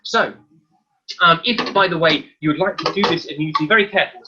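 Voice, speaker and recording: A man presenting a live online science demonstration for children, explaining each step in a lively, hands-on way. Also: fairly high pitch, fast talker, lo-fi sound, background noise.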